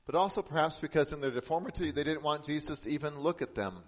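A man preaching a sermon as pastor, earnest, lifting his voice for emphasis and dropping soft and slow on key points. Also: fairly high pitch.

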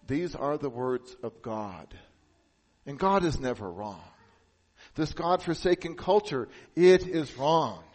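A man preaching a sermon as pastor. He speaks earnestly and drops to a hushed, solemn tone for emphasis. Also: fairly high pitch, sing-song, takes it slowly, low-quality recording.

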